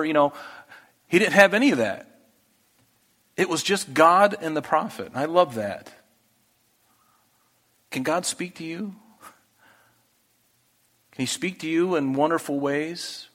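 A man's voice: a little high, measured pace, long pauses, fairly bright tone, big-room sound. A man preaching a conversational Bible-teaching sermon, briefly acting out characters in casual voices. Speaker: pastor.

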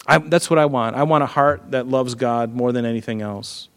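A man's voice: mid-range voice, moderate pace, smooth. A man teaching through a Bible passage in a casual, earnest way, often checking in with listeners. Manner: earnest, frequent "right?" asides and restarts.

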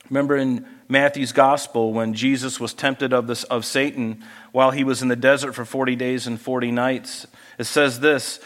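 A man's voice: mid-range voice, fairly bright tone, big-room sound. A male pastor preaching a sermon in a conversational way, asking the congregation questions and acting out little voices.

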